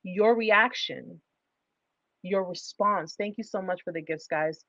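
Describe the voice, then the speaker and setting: A woman's voice: mid-range voice, slow, pushed and bright, no echo, highs cut off. A woman hosting a livestream advice talk, speaking emphatically and driving points home with repeated rhetorical questions. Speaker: livestream host.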